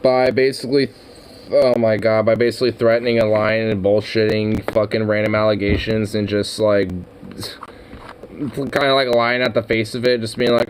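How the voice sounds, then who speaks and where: A man's voice: lowish voice, flat delivery, normal speed. Young man, profane reaction commentator, mocking tone, slight background noise. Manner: swearing, mocking, laughing.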